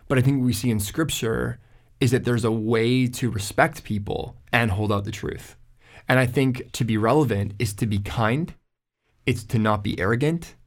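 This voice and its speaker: A man who works as a pastor, talking thoughtfully in a relaxed faith discussion, often restarting his sentences. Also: medium pitch. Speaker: young adult pastor.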